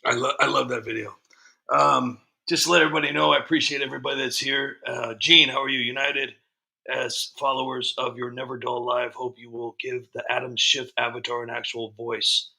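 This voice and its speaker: A man chats casually on his livestream, greeting viewers and reading their comments. He talks in a rambling way. His voice is strikingly bright, with a gravelly edge. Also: medium pitch, level tone, a little fast. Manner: rambling, frequent ums and restarts. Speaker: livestream host.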